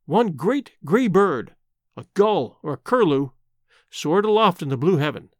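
A man reading a classic novel aloud in a measured, storytelling voice. His pitch rides fairly high and moves in lively arcs. The recording is close and dry, with no room sound. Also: dry recording. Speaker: audiobook narrator. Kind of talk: scripted narration.

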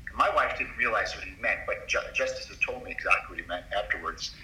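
A man's voice: fairly low pitch, fast, pushed and bright. A middle-aged man, a doctor, telling his story to an interviewer in an earnest, emphatic, confiding way. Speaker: doctor as podcast guest. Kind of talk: confessional storytelling in a conversation. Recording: roomy sound from a distance off mic.

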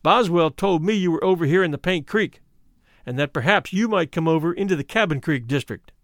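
A man's voice: fairly high pitch, lively intonation, brisk, no room sound, studio quality. A man voicing an earnest young union man who explains his worries urgently, in a memoir reading.

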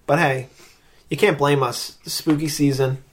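Male podcast host, slightly high pitch; jokey, rambling, teasing delivery. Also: steady tone, measured pace. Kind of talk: casual podcast chat.

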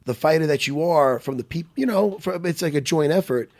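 A man, a jiu-jitsu instructor telling profane, animated stories as a podcast guest. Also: on the high side, brisk. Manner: animated, profane, lively storytelling. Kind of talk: casual chat.

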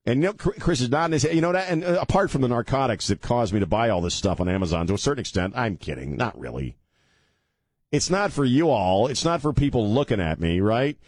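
A man's voice: medium pitch, expressive, a little fast, darkish tone, no room sound, studio quality. A man hosting a talk radio show, rambling casually and joking at his own expense, then turning earnest about faith. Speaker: radio host. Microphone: studio mic with headphones.

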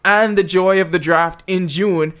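Animated man in casual sports chat. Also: high voice, unhurried, clear, resonant tone. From Bahamas. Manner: animated, exasperated, playful.

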